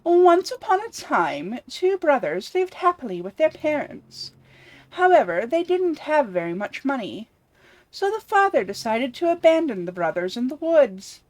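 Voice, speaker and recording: A woman voicing an evil but wise woman who reads a fairy tale in a measured storybook cadence. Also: high-pitched, very animated, dry recording. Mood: storytelling. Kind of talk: voicing game dialogue.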